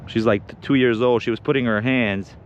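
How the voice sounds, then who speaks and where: A man's voice: mid-range voice, fairly even intonation, a little fast, highs cut off, crowd noise. A man chatting casually on an outdoor livestream while training his dog, rambling with restarts and giving short firm commands. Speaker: dog owner and co-host. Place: outdoors in a park.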